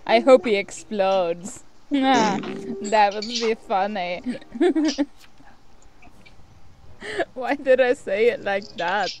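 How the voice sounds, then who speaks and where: A woman's voice: mid-range voice, noisy background. A woman casually commenting on a game she is playing, reading the game text aloud and often breaking into giggles. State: sleep deprived. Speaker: let's-play host.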